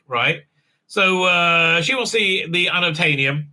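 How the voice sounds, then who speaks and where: Guy recapping a tv episode, super bright tense voice, stumbles a lot with uhs. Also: high voice, expressive. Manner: halting, many fillers, acts out quotes in silly voices. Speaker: show host reviewing a TV episode. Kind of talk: rambling casual recap with mocking asides.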